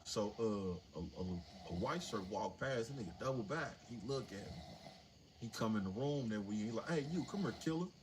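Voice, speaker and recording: A man's voice: on the low side, moderate pace. A man in his forties telling a story casually and animatedly on a livestream, swearing freely. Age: 40s. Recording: noisy livestream audio.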